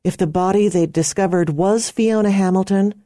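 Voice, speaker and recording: A woman narrating an audiobook in a slow, measured storytelling manner. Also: mid-range voice, warm tone, no room sound, clean studio sound.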